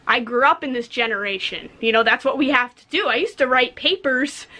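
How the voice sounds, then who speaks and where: A woman's voice: sits high, brisk, a little hiss or hum. A young woman in her twenties, a podcast co-host, ranting bluntly and with plenty of swearing in casual talk. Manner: blunt, profane, animated storytelling. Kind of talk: casual rant.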